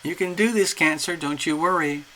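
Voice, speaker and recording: A man's voice: on the high side, moderate pace, poor audio. A man giving a casual, coaxing tarot reading, often checking in with "okay?". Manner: animated, coaxing, repeats "okay?". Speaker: tarot reader.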